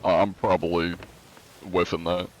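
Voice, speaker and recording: A man with a fairly low voice chats casually through a live game stream. He reads viewer messages aloud and answers them at an easy pace, leaning on plenty of "uh" fillers. A faint hiss sits under the recording. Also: little pitch movement, moderate pace. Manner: laid-back, reads chat aloud and answers it; frequent "uh" fillers.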